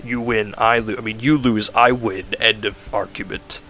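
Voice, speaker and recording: A man's voice: fairly low pitch, steady tone, normal speed, sharp tone, a little hiss or hum. A man casually rambling through a recap of a video game plot, full of "like" fillers and self-corrections.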